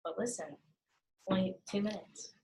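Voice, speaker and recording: A young woman giving quiet, hesitant answers as a receptionist in training. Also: mid-range voice, normal speed, husky, poor audio.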